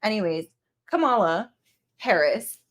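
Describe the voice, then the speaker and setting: A woman's voice: mid-range voice, sing-song, a little slow. A woman co-hosting a podcast, chatting playfully and echoing her partner's phrases. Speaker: podcast co-host. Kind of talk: casual chat.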